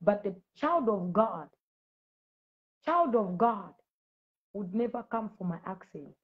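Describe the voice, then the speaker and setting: A woman's voice: medium pitch, lively intonation, takes it slowly, narrow, tinny audio. A woman in her late thirties giving a fervent live-stream testimony, preaching and scolding commenters directly. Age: late 30s. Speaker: Christian ministry host.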